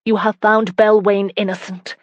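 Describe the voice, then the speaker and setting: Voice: mid-range voice, flat delivery, normal speed, lo-fi sound, slight background noise, pitched above the performer's own voice, close to an everyday voice. A narrator voicing an anguished, defiant young noble wife in an audiobook, pleading and strained.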